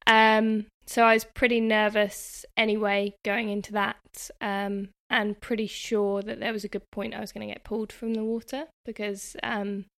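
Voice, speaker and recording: A woman co-hosting a casual podcast chat, easygoing and quick to laugh. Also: medium pitch, level tone, a bit bright. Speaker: podcast co-host.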